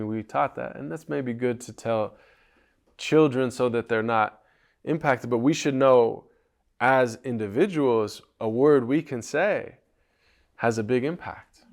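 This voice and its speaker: A man teaching as a spiritual teacher, retelling a story in a reflective, soft-spoken way that drops to a hush at phrase ends. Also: mid-range voice, measured pace, vocal fry. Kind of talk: storytelling lesson on poetry. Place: retreat gathering.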